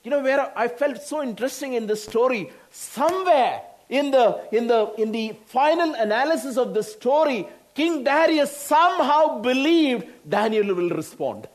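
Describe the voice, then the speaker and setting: A man with an Indian English accent preaching a sermon, slow, with frequent laughs and exclamations. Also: very high voice, animated.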